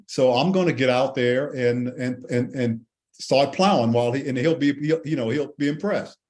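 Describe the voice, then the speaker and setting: A man in his sixties from Washington D.C. tells a childhood story in a podcast interview, animated and full of restarts. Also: mid-range voice. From Washington D.C. and Maryland, USA. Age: 60s. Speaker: guest, Air Force veteran.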